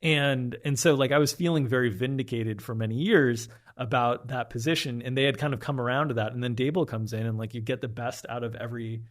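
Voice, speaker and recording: A man's voice: mid-range voice, steady tone, fairly quick, hardly any pauses. A young man from South Florida, a podcast guest, talking in a loose, rambling way with lots of "like" and "yeah". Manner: rambling, heavy on filler "like" and repeated "yeah". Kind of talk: casual conversation.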